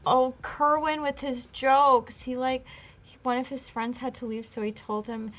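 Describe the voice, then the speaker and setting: A woman's voice: high voice, level tone, measured pace, fairly bright tone, faint music behind. A woman co-hosting a drawing livestream, chatting and reading out viewer comments and timings. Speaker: co-host reading viewer chat.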